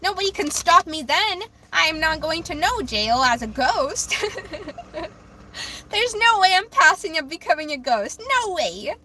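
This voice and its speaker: A woman's voice: very high voice, very animated, measured pace, pushed and bright, slight background noise. A young woman reading tarot on a livestream, chatting casually through comments and stumbling over words. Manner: rambling, self-deprecating, stumbles over words.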